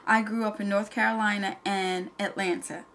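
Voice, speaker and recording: A woman's voice: mid-range voice, flat delivery, normal speed, a bit bright. A woman with a Southern accent, giving sassy, direct motivational talk in a vlog about starting a business. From New Jersey. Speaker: home business entrepreneur.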